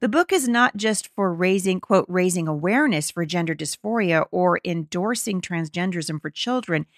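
A woman's voice: on the low side, lively intonation, moderate pace, no echo, studio quality. A middle-aged woman hosting a podcast, reading an article aloud and commenting on it in an indignant, emphatic way, often restarting her sentences. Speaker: podcast host.

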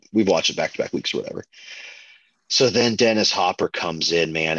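A man co-hosting a podcast, chatting casually and excitedly about a film, full of fillers and restarts. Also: low voice, dry recording, muffled recording. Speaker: podcast co-host.

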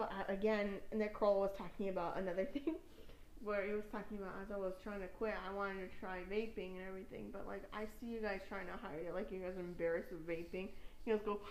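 A woman's voice: mid-range voice, fairly even intonation, fairly quick, darkish tone, echoey room, a little hiss or hum, poor audio. A young woman from New York, a podcast host chatting casually, rambling and swearing and laughing at her own stories. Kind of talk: casual chat.

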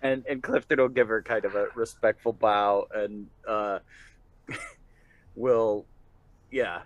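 A man's voice: fairly low pitch, dry recording, lo-fi sound. A man playing a tabletop role-playing game, describing his character's actions and often laughing partway through a sentence. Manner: unhurried, lively intonation, laughs mid-sentence. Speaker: player. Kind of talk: tabletop role-play chat.

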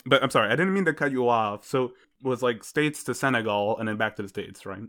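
A young man hosting a podcast, chatting casually, relaxed and quick to laugh. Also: medium pitch. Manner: relaxed, laughs easily, friendly interjections. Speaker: podcast host. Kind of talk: casual chat.

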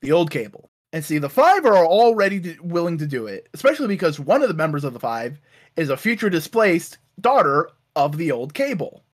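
A man casually recapping comic storylines, acting out characters in quick bits and swearing freely. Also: fairly high pitch, big pitch swings. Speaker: podcast co-host recapping comics. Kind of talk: casual chat.

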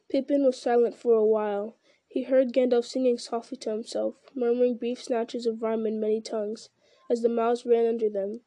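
A woman reads a fantasy novel aloud in a steady storytelling manner. Her voice is very mellow and warm, a little higher than most. The sound is close and dry. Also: fairly quick, no echo. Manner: steady storytelling with small slips and restarts.

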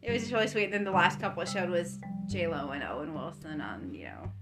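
A woman's voice: fairly low pitch, expressive, fast talker, over music. A woman casually retelling a movie plot in a rambling, chatty way, with frequent ums.

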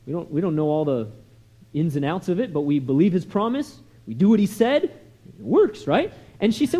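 A man preaching with a high, mellow voice that leaps around in pitch. He tells stories in a chatty way, full of asides, then rises into loud, emphatic lines. A lively, animated delivery. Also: moderate pace. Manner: conversational storytelling with many "you know" and "right?" asides. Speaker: pastor. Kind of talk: sermon.

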